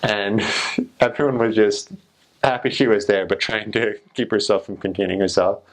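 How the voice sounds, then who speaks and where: A young man with a somewhat low voice tells a story, rambling and chatty. He leans on "like" fillers and loose restarts as he goes. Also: steady tone, normal speed, poor audio. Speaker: returned missionary. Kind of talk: casual storytelling.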